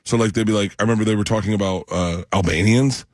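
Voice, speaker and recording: A man, a comedian guest in a radio studio, telling rowdy stories full of laughter and quick put-on voices. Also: fairly low pitch, no echo. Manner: laughing, animated storytelling with voices. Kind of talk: rowdy storytelling.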